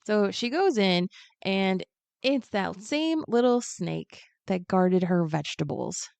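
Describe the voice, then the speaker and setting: Animated woman retelling a picture book. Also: medium pitch, gravelly, no echo. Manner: animated, acts out characters' lines in quick asides. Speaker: guest.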